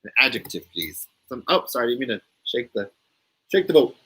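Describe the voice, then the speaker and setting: A man's voice: medium pitch, very animated, a little fast, pushed and bright, husky, rough recording. A man hosting a casual live stream from home, playful and laughing often as he runs a word game with viewers.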